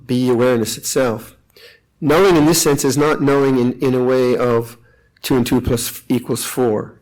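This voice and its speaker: An older man, a monk, giving a calm, reflective meditation talk with frequent pauses at a retreat. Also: medium pitch, rough recording. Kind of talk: dharma talk.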